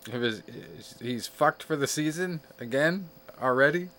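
A man hosting a casual show, reading off records in a laid-back, joking way with frequent filler pauses. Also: on the high side, sharp tone, slight background noise. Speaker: podcast host. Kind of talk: casual chat.

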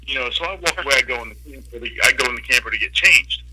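In a rough recording, a man with a husky, medium-pitched voice talks very fast through a long, profane anecdote. He's animated, voicing the different people in the story as he tells it casually.

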